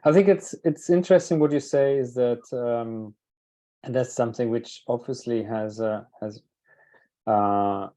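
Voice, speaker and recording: A man moderating an online training panel over a video call. He speaks haltingly, often restarting his sentences. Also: mid-range voice, dark tone. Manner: halting, many fillers and restarts.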